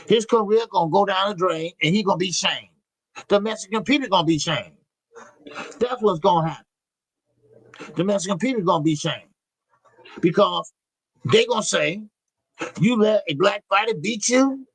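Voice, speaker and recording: A man's voice: high-pitched, a bit bright, breathy edge, dry recording, rough recording. A man hosting a live boxing talk stream, reading chat messages and talking in a loose, slangy, repetitive way. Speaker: boxing show host.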